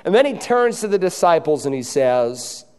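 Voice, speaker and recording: A man's voice: on the high side, big pitch swings, normal speed, a little mellow, smooth, in a large hall. A man preaching a sermon from a church pulpit, driving his points home and acting out the voices in the stories he tells. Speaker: pastor. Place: church sanctuary.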